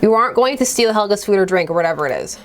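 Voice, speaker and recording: A woman's voice: mid-range voice, lively intonation, racing. Chatty woman playing a game. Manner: chatty, reads game text aloud wryly. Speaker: gaming video host. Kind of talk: casual let's play commentary.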